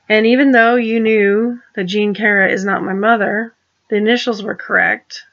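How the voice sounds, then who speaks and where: A woman's voice: mid-range voice, fairly even intonation, moderate pace, vocal fry, a bit bright, dull audio. A woman talking in a rambling personal monologue, restarting her sentences and turning pointed and accusing. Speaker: vlogger.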